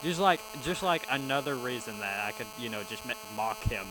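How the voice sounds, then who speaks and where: A man's voice: fairly high pitch, sing-song, fairly quick, noisy background. A young man co-hosting a casual podcast chat, goofy and jokey, slipping into silly voices. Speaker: podcast co-host.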